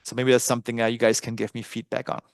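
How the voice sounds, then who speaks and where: A man's voice: mid-range voice, completely flat delivery, quick pace, dry recording, clean studio sound. A man with a German accent hosting a live trading webinar, talking casually and thinking aloud with frequent fillers. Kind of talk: live screen-share webinar.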